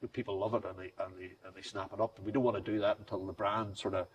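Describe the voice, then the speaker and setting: Fast-talking man. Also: lowish voice, level tone, breathy edge, highs cut off. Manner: rambling, enthusiastic salesman talk with restarts. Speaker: whiskey brand founder, guest. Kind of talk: casual interview chat. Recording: distant mic, faint background noise.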